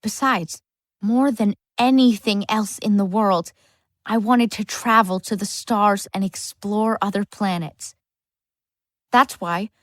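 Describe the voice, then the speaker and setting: A woman's voice: medium pitch, a bit bright, no room sound, studio quality, close to an everyday voice. A woman narrating a full-cast audiobook as a lonely, bookish boy, earnest with wry asides. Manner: earnest first-person storytelling, wry asides.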